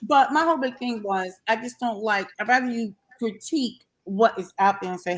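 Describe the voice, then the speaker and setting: A woman hosting a casual opinion chat, talking in a fired-up, animated way and acting out what others said. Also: on the high side, brisk, few pauses. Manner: animated, fired-up, quotes people in mock voices. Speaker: host.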